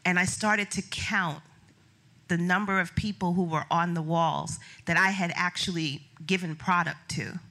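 Bright-voiced woman telling a lively story. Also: fairly low pitch, unhurried. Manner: animated storyteller, acts out quotes, laughs often. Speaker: business founder telling a story on stage. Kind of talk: live stage storytelling.

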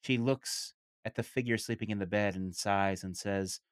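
A man's voice: fairly low pitch, steady tone, normal speed, dry recording, studio quality. A man narrating a comedy tabletop game as the game master.

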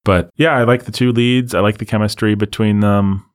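A man co-hosting a casual movie-review talk, rambling and animated, often laughing. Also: fairly low pitch, normal speed. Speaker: podcast co-host reviewing a movie. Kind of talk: casual chat.

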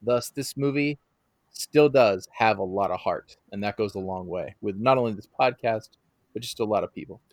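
A man co-hosting a casual podcast who speaks in a measured, hesitant way with many uhs. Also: on the low side, no room sound, clean studio sound. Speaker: podcast co-host.

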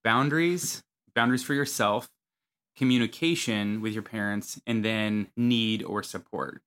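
A man co-hosting a podcast in a loose, chatty way and quick to laugh. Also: lowish voice, a bit bright. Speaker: podcast co-host. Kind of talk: casual conversational podcast talk.

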